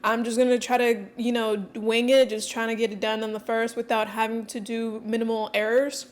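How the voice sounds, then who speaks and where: A woman speaking candidly and quickly in a casual personal vlog, with frequent fillers. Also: a little high, level tone. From Mexican heritage. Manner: fast-talking, candid, many fillers. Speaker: coach and content creator.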